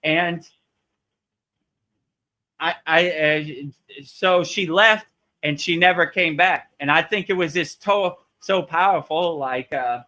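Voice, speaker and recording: This man hosts a live spiritual Q&A, chatting in a relaxed, lively way, acting out quotes and laughing a lot as he tells stories. His voice is a bit high, slow, bright and forceful.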